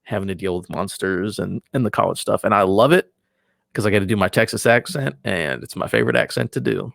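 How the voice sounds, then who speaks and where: In clean studio sound with no echo, a voice actor and podcaster is interviewed casually as a guest. His voice sits on the low side and is creaky, moving a little fast. He comes across relaxed and enthusiastic, often fading off softly at the ends of thoughts.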